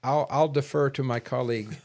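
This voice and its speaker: Measured, throat-clearing man in a talk podcast. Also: mid-range voice, a little mellow. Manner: measured, wordy, clears his throat often. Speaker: podcast co-host. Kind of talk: casual political discussion.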